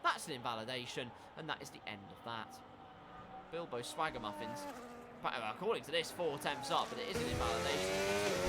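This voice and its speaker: Man, sim race caller, high voice, excitable and jokey, noisy mix with engine sound under him. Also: moderate pace. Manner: excitable, jokey, breaks into shouts. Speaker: sim racing commentator. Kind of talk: live esports race commentary.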